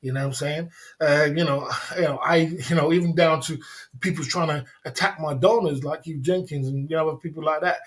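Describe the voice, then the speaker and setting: Brisk and fairly high-pitched, with fairly even intonation, a man runs a casual livestream where he responds to viewer comments. He rambles, repeats himself, and leans on streetwise slang.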